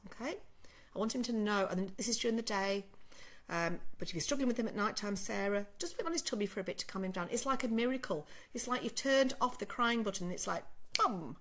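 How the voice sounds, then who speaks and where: A woman's voice: medium pitch, animated, a little fast, fairly bright tone. A middle-aged woman sleep consultant giving direct, step-by-step advice to parents, often checking in with "okay?".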